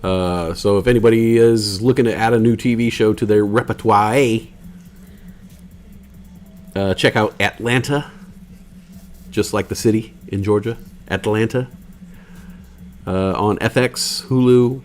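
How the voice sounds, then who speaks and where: A man's voice: on the low side, fairly even intonation, measured pace, long pauses, darkish tone, a little hiss or hum. Man, live stream host, casual rambling chat, cusses a lot. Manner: rambling, loose, swears freely.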